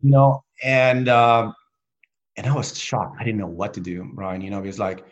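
A middle-aged man, a guest on a video call, telling a heartfelt personal story in a halting, earnest way with many restarts. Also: lowish voice, flat delivery, highs cut off.

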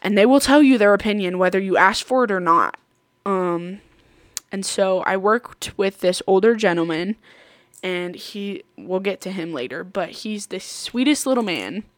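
A woman hosts her podcast in loose, rambling storytelling, laughing often as she goes. Her voice sits in an ordinary middle pitch and is recorded close on the mic in a dry room. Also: animated, moderate pace, no room sound. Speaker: podcast host. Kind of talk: casual storytelling chat.

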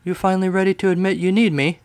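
A man's voice: high voice, flat delivery, fast talker, a little mellow, clean tone, voice pushed up, close to an everyday voice. A man voicing a smug, lazy male sea serpent who taunts in a raised voice. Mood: taunting. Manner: taunting, mocking.

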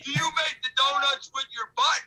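A man's voice: very high voice, fairly even intonation, normal speed, crowd noise, rough recording. A man playing a giddy, simple-minded prank caller who shrieks with joy and repeats his catchphrase over the phone. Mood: gleeful. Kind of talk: prank call comedy.

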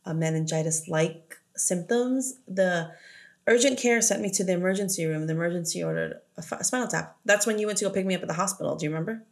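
A woman's voice: fairly low pitch, fast. A woman co-hosting a podcast in casual chat, blunt and profane, laughing often. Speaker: podcast co-host.

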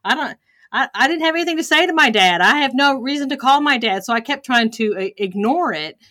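A woman's voice: sits high, expressive, brisk, sharp tone. A woman hosting a faith podcast, sharing a candid personal story and acting out what she thought and said. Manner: candid, self-deprecating, acts out her own thoughts. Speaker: podcast host.

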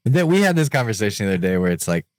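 A man in casual chat, animated and swearing freely as he acts out his own reactions. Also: fairly low pitch, rapid-fire, dry recording, studio quality. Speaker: paranormal investigator guest.

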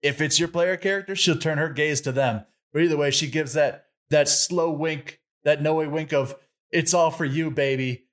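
A man's voice: fairly high pitch, steady tone, normal speed, hardly any pauses, a bit bright. Man talking through a game plot. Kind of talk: casual chat about a tabletop game.

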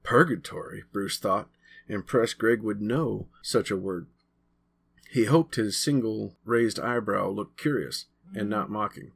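A man narrating a chapter of his own novel in a measured, steady reading voice. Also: on the low side, gravelly, husky. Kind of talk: audiobook-style narration.

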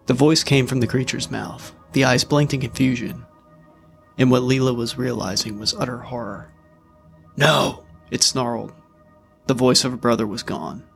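A man reads a dark storybook aloud in a steady, measured way. His mid-range voice carries a gravelly, creaky grain. Soft music runs faintly beneath the narration. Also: medium pitch. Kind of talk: storybook reading.

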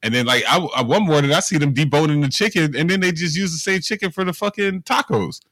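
Bright-voiced man telling stories. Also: fairly high pitch, fast, dry recording, clean studio sound. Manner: animated storytelling, profane slang. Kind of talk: casual chat.

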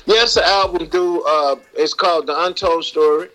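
A man's voice: fairly high pitch, fairly even intonation, moderate pace, bright, forceful tone, rough recording. An American man, a musician calling in as a guest, chatting casually and gratefully, often tagging sentences with "man". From United States. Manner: laid-back, thankful, peppers talk with "man". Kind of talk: casual phone-in chat.

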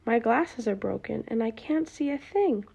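A woman's voice: a little high, expressive, moderate pace, gravelly, warm tone, husky, heavily acted. A woman voicing a clumsy male mole with broken glasses, groaning and flustered. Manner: groaning, then cheery.

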